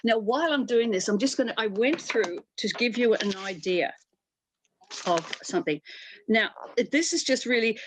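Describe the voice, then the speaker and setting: A woman's voice: fairly high pitch, animated, normal speed, slight background noise. An older woman, a costume designer, telling anecdotes as a guest in a casual interview over a video call, chatty with many restarts.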